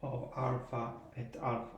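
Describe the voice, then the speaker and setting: A man giving a mathematics lecture, slow and halting, pausing between phrases. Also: medium pitch, monotone. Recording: echoey room, voice from far off.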